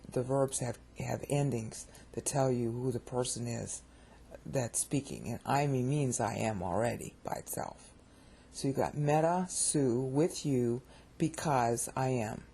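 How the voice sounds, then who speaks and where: Mellow, husky woman teaching Bible grammar. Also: very deep voice. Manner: explains grammar step by step, repeating key words for emphasis; informal and digressive, with frequent restarts and asides. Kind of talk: recorded Bible study lecture.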